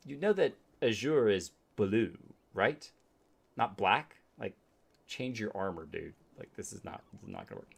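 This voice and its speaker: Man, streamer, casual gameplay chat, playful, laughs easily, animated pitch. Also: measured pace, vocal fry, husky, faint music behind.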